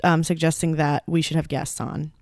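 A woman's voice: low voice, level tone, normal speed, a little mellow, no echo. A woman co-hosting a podcast in casual chat, with a dry, sarcastic manner. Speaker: podcast co-host.

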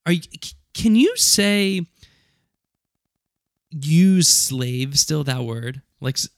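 A man's voice: fairly high pitch, animated, slow, no echo, studio quality. Rambling, hesitant podcast man. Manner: rambling, hesitant, lots of restarts and laughs. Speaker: podcast co-host. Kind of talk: casual chat.

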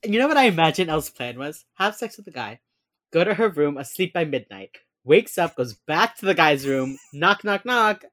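A woman talks through a story in a casual chat, her pitch bouncing widely as she acts out little bits of dialogue. The sound is dry and close, with no room around her. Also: moderate pace, no echo. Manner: animated retelling, acts out characters' lines, laughs often. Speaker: podcast co-host recapping a TV episode.

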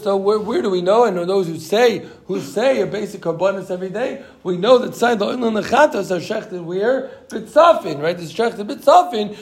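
A man leads a casual Talmud class. He talks in a loose, rambling way, repeats himself, and keeps dropping Hebrew and Yiddish terms into his English. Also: high voice. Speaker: Talmud teacher.

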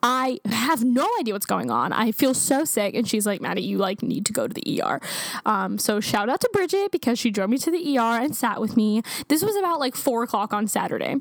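A young woman telling a personal story in a chatty, animated way, laughing often and filling with "like". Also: fairly high pitch, fairly quick, dry recording. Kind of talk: casual storytime vlog.

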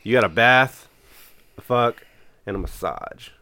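Man, mid-pitched voice, dry close sound, rambling profane storyteller, filler-heavy. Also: a little slow, bright, forceful tone, no room sound. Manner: rambling, heavy with "like" fillers and swearing, laughs through stories.

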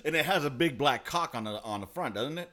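A man's voice: mid-range voice, expressive, a little fast, sharp tone. A man co-hosting a podcast in casual chat, laid-back and profane, laughing often. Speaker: podcast co-host.

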